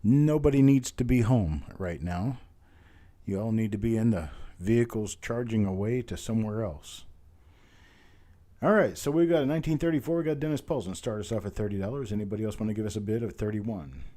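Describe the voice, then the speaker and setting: Hoarse folksy man calling an auction. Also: on the low side, brisk, warm tone. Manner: folksy, chatty, calls bids repeatedly. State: hoarse, recovering lost voice. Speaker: auctioneer host. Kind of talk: live online coin auction.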